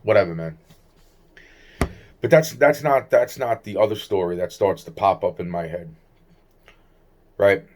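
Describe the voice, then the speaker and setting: Man, lowish voice, rambling agitated storyteller, swears constantly, trails off and restarts. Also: expressive, moderate pace, pauses often, a little mellow. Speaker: vlogger recounting personal experiences. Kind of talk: rambling personal storytelling monologue.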